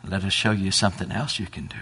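A preacher voicing friendly wild ducks. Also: male voice, low voice, flat delivery, fast talker, pushed and bright, breathy edge, exaggerated voice. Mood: coaxing.

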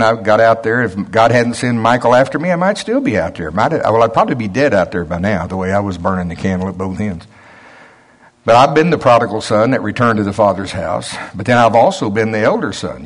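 A middle-aged man preaching a storytelling sermon in a folksy way, acting out both sides of a conversation and chuckling often. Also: fairly low pitch.

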